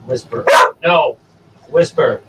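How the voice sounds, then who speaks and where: A man hosting a casual stream and giving his dogs coaxing commands, jumping to high sing-song calls. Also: takes it slowly. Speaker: stream host. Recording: distant from the mic. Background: dogs, faint room noise.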